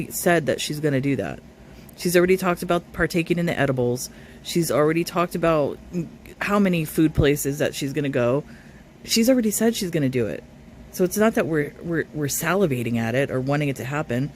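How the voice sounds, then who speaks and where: A man's voice: fairly high pitch, slight background noise. Man reacting to a live stream. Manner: reads viewer comments aloud, then argues back. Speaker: reaction commentator.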